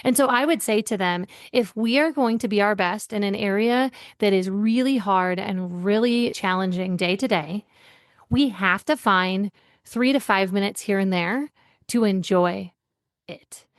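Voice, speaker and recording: Middle-aged woman coach, animated storyteller, acts out quotes, mid-pitched voice, podcast guest. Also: a little slow. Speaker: leadership coach.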